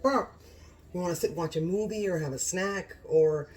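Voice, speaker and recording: A woman hosting a casual home cooking vlog, gushing and excitable, often exclaiming over the food. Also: on the low side, moderate pace. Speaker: cooking channel host.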